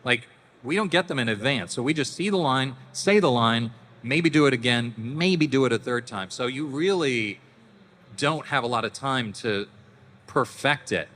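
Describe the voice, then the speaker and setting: A man's voice: mid-range voice, normal speed, a bit bright. A middle-aged man from Canada, a panel guest telling stories casually and animatedly to a convention audience, with laughs and acted-out voices. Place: large convention hall. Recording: reverberant hall with faint noise.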